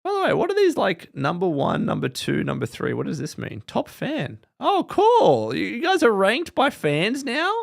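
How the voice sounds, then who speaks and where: Animated man chatting on a livestream. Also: high voice, normal speed, gravelly, few pauses. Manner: animated, laughs often, trails off and restarts. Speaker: podcast host. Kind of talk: casual live-stream chat.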